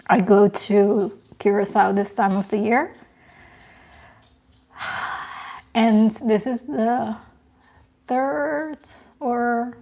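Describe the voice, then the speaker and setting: Soft and emotional, a young woman with a medium-pitched voice reads viewers' comments aloud on a casual live stream, speaking haltingly and frequently restarting.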